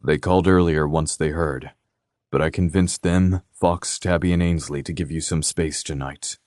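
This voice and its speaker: A man voicing a restless, protective young man in an audiobook, speaking in a gruff, clipped way. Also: extremely low pitch, fairly even intonation, normal speed, darkish tone, no room sound, studio quality. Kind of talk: audiobook character voice.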